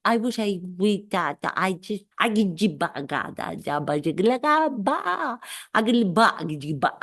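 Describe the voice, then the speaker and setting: A vain royal duchess who used to act chatters on in a breezy, self-absorbed ramble, put on by a woman as a comic impression. Her voice sits at a middling pitch. She drops famous names freely. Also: moderate pace, a bit bright, natural voice. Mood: musing. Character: vain, gushing royal duchess and former actress, adult woman.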